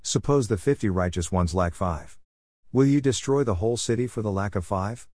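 A man's voice: fairly low pitch, moderate pace, a little mellow, dry recording, clean studio sound, close to an everyday voice. A man reading the lines of an elderly patriarch who bargains humbly and persistently. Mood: pleading. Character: elderly male patriarch pleading.

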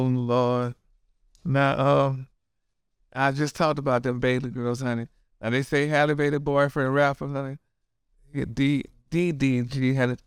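A man's voice: medium pitch, clean tone, no echo, studio quality. A man hosting celebrity gossip in a sassy, dramatic way, calling everyone honey and girl. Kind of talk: casual gossip commentary.

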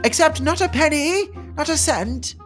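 A man's voice: very high voice, expressive, unhurried, a bit bright, faint music behind, pitched above the performer's own voice, heavily acted. A man voicing a smug, scheming young male kidnapper. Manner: smug, emphatic.

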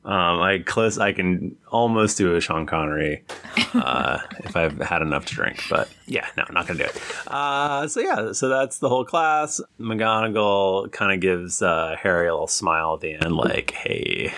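A man hosting a casual podcast, retelling the story and quickly acting out characters in passing, laughing often. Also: deep voice, lively intonation, pushed and bright. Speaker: podcast host recapping a book.

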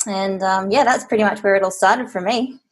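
Flat-toned woman coach. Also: medium pitch, brisk, breathy edge. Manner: casual, many fillers, steady and level. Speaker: guest, strength and conditioning coach. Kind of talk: interview answers.

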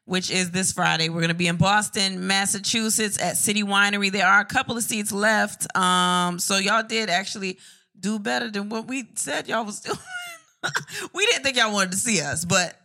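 A woman banters on a casual podcast, her voice bright and forward. She jokes freely with some profanity and rattles off tour dates in a loose, playful way. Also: mid-range voice, moderate pace. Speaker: podcast co-host. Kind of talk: casual late-night podcast chat.

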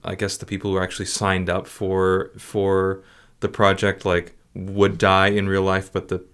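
A man's voice: low-pitched, completely flat delivery, normal speed, a bit bright, smooth. A man co-hosting a podcast, thinking aloud hesitantly about a film's plot. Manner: tentative, unsure, trailing off. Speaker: podcast co-host. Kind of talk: casual movie discussion.

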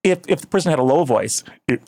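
A man's voice: expressive, warm tone. Chatty man with a trained voice. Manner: halting, repeats words, laughs often; trained voice, shifts pitch a lot. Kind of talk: casual chat.

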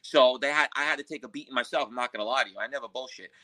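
A man's voice: mid-range voice, very fast, pushed and bright, low-quality recording. A man telling a crime story as a podcast guest, in blunt, profane street talk. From Queens, New York. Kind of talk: storytelling interview.

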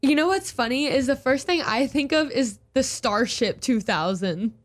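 Female radio co-host with a high voice, easygoing banter. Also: lively intonation, moderate pace. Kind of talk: casual on-air chat.

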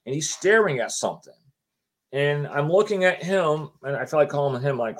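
A middle-aged man with a fairly high, expressive voice tells a personal story as a guest at normal speed. He retells the conversations line by line, acting out what people said to him, and in this chatty, casual anecdote he keeps saying "she goes" and restarting his sentences.

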